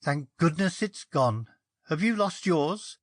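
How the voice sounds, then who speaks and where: A man reading a story aloud, voicing a bold young woman in a brisk, lightly mocking way. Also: a little high, expressive, dry recording, studio quality, voice pushed up. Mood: bemused.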